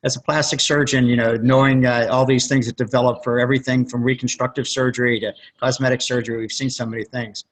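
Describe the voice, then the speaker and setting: A man's voice: mid-range voice, level tone, fast, few pauses, low-quality recording. A man, a plastic surgeon guest on a conference call, telling rambling stories and acting out what people said. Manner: rambling storyteller, acts out quotes.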